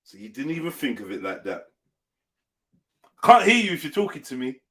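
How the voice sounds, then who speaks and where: A man's voice: medium pitch, big pitch swings, a little fast, a bit bright, breathy edge. A man hosting a live online panel show, hyping the audience and teasing his guests in casual banter. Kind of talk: casual live-stream chat.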